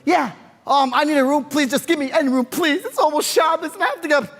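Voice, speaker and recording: A man's voice: very high voice, fast, fairly bright tone, big-room sound. A man storyteller voicing a stranded, desperate businessman, pleading and urgent.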